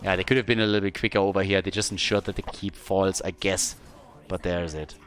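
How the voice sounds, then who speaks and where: A man casting a live video game match, talking casually, swearing freely and breaking into animated stories. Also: low voice, a little fast, slight background noise. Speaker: esports caster.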